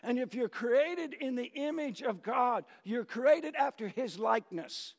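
A man preaching a sermon as pastor, talking to the congregation in a conversational, animated way and acting out quotes. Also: extremely high pitch, a little slow. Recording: echoey hall, dull lo-fi sound.

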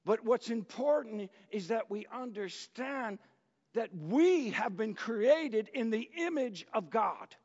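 A man preaching a sermon as pastor, talking to the congregation in a conversational, animated way and acting out quotes. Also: high-pitched, slow pace. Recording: echoey hall, dull lo-fi sound.

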